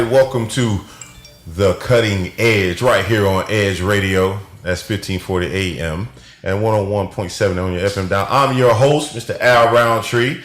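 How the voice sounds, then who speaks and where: A man's voice: medium pitch, fairly bright tone, roomy sound. A man hosting a radio talk show with upbeat, chatty banter. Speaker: radio host.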